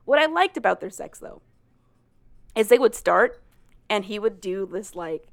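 A woman talks loosely and animatedly in a casual podcast chat, her sentences packed with "like" and broken up by laughs. Her voice sits at an ordinary middle pitch. The sound is close and dry, with no room around it. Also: measured pace, dry recording. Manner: animated, laughs often, full of "like". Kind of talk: casual chat retelling a story.

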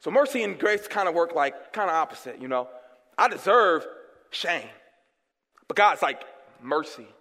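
Young guy preaching, pretty high voice, fired up, tossing questions back at the church, big reverb hall. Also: lively intonation, moderate pace, pauses often. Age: young adult. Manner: fervent, repeats rhetorical questions to the congregation; swings from loud outbursts to hushed tones. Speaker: guest preacher. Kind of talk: call-and-response sermon. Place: church sanctuary.

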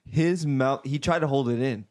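A man's voice: mid-range voice, moderate pace. A man casually telling a story to friends, swearing and laughing as he goes. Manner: laughing, lively, profane. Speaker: back-seat passenger telling the story.

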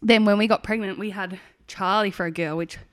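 A woman's voice: mid-range voice, fairly even intonation, brisk, fairly bright tone, no room sound, clean studio sound. A woman telling her birth story in a casual podcast chat, laughing often and swearing casually.

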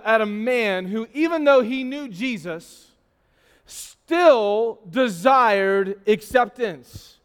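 A man's voice: extremely high pitch, clean tone, in a large hall. A man preaching to a youth group, telling a story with self-teasing asides and often stumbling and repeating words. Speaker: youth pastor.

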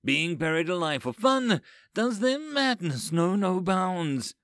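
A man's voice: medium pitch, big pitch swings, a little slow, fairly bright tone, dry recording. A man voicing a grumbling robot overseer. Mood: disapproving. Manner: exasperated, disapproving.

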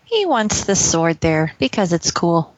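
A woman's voice: fairly low pitch, big pitch swings, measured pace, no echo, highs cut off. A woman translating for her husband in a recorded listener message, dry and teasing. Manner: dry, teasing, mock-scolding. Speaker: listener translating in audio submission.

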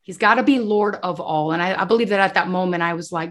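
Speaking fast in a fairly low voice, this female guest recounts an emotional testimony of faith. Her storytelling is lively: she performs the dialogue herself and often speaks directly to the host.

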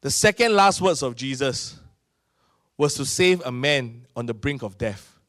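A middle-aged man with a Singaporean English accent, preaching a sermon in an animated storytelling manner. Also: mid-range voice, unhurried, no echo, clean studio sound. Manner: animated storytelling, acting out voices of people in his stories. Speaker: pastor.

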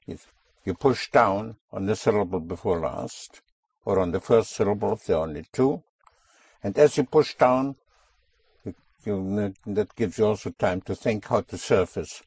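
Man, language teacher, slow deliberate delivery, repetitive drilling, slightly husky. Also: on the low side, a little mellow, dry recording. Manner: slow, deliberate, repeats key sounds. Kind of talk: spoken language lesson with a student.

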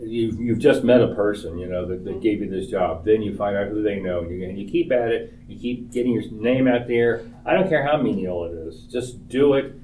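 A man's voice: lowish voice, brisk, hardly any pauses, mellow. A man in a casual film chat, telling anecdotes about old filmmakers and actors. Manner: anecdotal storyteller. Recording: echoey room, distant mic, noisy background.

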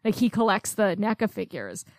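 A woman chats casually on a film podcast, filling her thoughts with ums and bits of laughter. Her voice sits at an ordinary middle pitch. The sound is dry and close to the mic, with no room echo. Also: sing-song, moderate pace. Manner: chatty, frequent ums and laughs. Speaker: podcast co-host.

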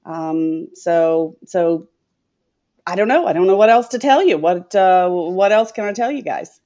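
A woman's voice: on the low side, lively intonation, unhurried, mellow. A middle-aged woman from Tennessee, a guest talking chattily in an interview, rambling with many filler sounds. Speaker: guest, sales consultant. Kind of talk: conversational interview. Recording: dull lo-fi audio.

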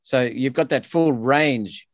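A man's voice: medium pitch, slow pace, dry recording, clean studio sound. An Australian man speaking as a politician guest in a podcast interview, emphatic and indignant with frequent restarts.

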